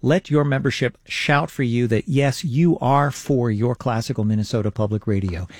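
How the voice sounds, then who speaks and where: A man on the radio urging listeners to become members, speaking in an earnest, persuasive way. His voice is of middling pitch. The recording is close and dry, with no room sound. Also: moderate pace, darkish tone, no echo. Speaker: radio co-host. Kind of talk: on-air fundraising appeal. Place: radio studio. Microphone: studio microphone.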